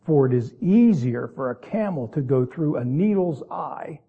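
A man preaching a sermon, reading King James verses and then explaining them in plain folksy asides, sometimes stretching words out slowly for emphasis. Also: on the high side, expressive, slightly rough, narrow, tinny audio.

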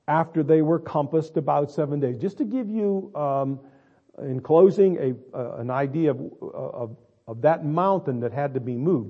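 Man, pastor, sermon, slightly high voice, dramatic pauses, muffled lo-fi recording. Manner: dramatic, swings between quiet and loud, stretches words.

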